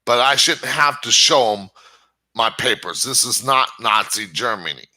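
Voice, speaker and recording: A man's voice: mid-range voice, expressive, measured pace, sharp tone. A man hosting his own channel, giving a rambling casual monologue and often stammering over restarts. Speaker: channel host.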